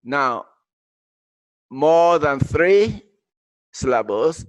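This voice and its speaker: Man, english teacher, slow halting delivery, dry close sound. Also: a little high, animated, dry recording. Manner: slow, halting, with many fillers and repeated words. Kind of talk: grammar lesson mixing English and Arabic explanation.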